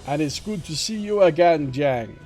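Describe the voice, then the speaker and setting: A man's voice: on the high side, expressive, normal speed, darkish tone, soft background music. A man voicing a jovial male guide and former elite guard, with a put-on hybrid foreign accent and a hearty, friendly way of talking.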